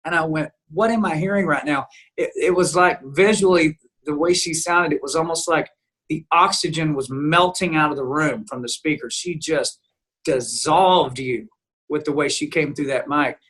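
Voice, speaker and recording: A man being interviewed as a guest songwriter, telling an animated story and acting out the dialogue. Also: on the high side, normal speed, husky. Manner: lively storyteller who acts out quoted dialogue. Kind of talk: animated storytelling in casual chat.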